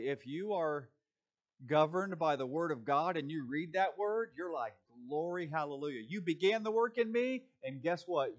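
Preaching a sermon in an animated, conversational manner, a man with a fairly high voice often acts out voices and starts his sentences over.

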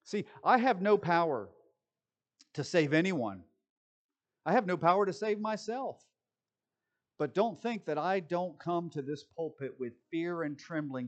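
A man's voice: a little high, animated, measured pace, long pauses, highs cut off. A male pastor preaching a sermon from the pulpit, reading scripture aloud and then shifting into loose, conversational asides. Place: church pulpit.

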